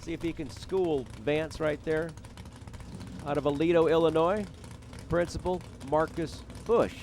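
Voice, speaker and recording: A man with a slightly raised voice calls a drag strip live, rattling off racers, hometowns and times. He mixes the numbers with jokes at his own expense. Loud race cars roar behind his voice. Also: on the high side, a little hiss or hum. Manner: jokey, self-deprecating, rattles off names and times. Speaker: drag racing announcer.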